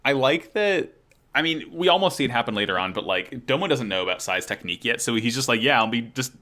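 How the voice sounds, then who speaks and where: A man's voice: mid-range voice, quick pace. A man co-hosting a podcast, recapping an anime with enthusiasm and frequent laughter. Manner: enthusiastic, animated, laughs often. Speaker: podcast co-host. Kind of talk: casual chat recapping an anime.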